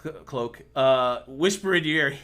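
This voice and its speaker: A man narrating as game master for a tabletop game on a livestream, quick and often laughing, with some stumbles. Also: mid-range voice, a bit bright, faint music behind.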